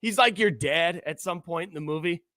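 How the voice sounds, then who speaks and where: A man co-hosting a casual podcast chat, quick-witted and teasing, swearing casually. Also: a little high, pushed and bright, no room sound, studio quality.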